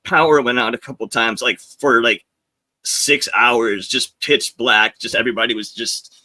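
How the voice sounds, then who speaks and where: A man's voice: mid-range voice, moderate pace. A man, a former Navy journalist, telling rambling stories on a podcast and acting out what people said with laughs. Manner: rambling, animated, acts out quotes with laughs. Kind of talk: casual storytelling.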